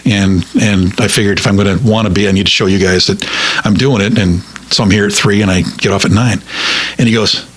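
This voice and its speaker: Middle-aged radio guy rambling through old stories, husky voice, lots of stops and restarts. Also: fairly low pitch, steady tone, a bit bright. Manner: rambling, halting with many restarts. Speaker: radio broadcaster guest. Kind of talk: casual storytelling interview.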